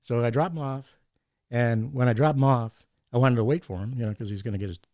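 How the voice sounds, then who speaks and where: Fast-talking man telling stories. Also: medium pitch, no room sound, lo-fi sound. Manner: animated anecdote-telling with laughs and quoted voices. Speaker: podcast guest. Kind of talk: casual storytelling.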